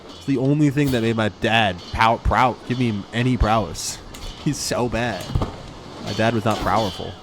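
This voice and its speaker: Low-voiced man streaming a strategy game. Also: normal speed, background noise. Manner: talks to himself, flares up yelling at his units. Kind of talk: casual game commentary. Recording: game music underneath. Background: game music.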